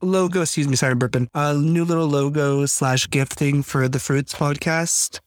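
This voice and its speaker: A man's voice: a little high, fairly even intonation, moderate pace. A man co-hosting a podcast in casual chat, rambling and often correcting himself mid-sentence. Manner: rambling, self-correcting, easygoing. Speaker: podcast co-host.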